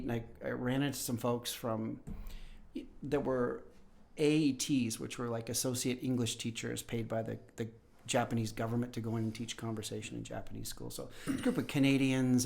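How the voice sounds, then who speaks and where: A man in his fifties, a professor and podcast guest, telling stories in casual conversation and clearing his throat now and then. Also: mid-range voice, little pitch movement, moderate pace, a little mellow. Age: 50s. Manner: storytelling, often clears throat.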